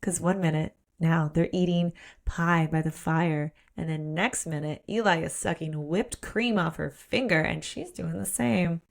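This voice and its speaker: A woman's voice: deep voice, measured pace, creaky. A woman co-hosting a podcast, casually and playfully recapping a romance novel in a chatty book discussion. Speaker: podcast co-host.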